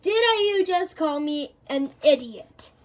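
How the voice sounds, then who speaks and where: Vrouw die voorleest als hoogdravende excentrieke oude professor, hoge stem, plechtig. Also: female voice, high voice, measured pace. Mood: indignant. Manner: grand, proclaiming, easily offended. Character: pompous eccentric older male professor.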